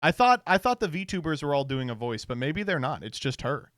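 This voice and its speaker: A man's voice: on the high side, sing-song, a little fast, fairly bright tone, no echo, clean studio sound. A man hosting a stream, commenting on clips in a sarcastic, rambling casual chat. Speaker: streamer host.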